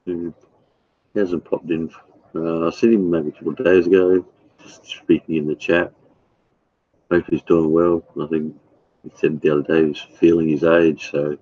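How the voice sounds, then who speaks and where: Male streamer, very low husky voice, blunt and sweary, casual chat with viewers, dry dull lo-fi sound. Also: steady tone, no echo. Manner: blunt and profane, halting with fillers. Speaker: live streamer chatting with viewers.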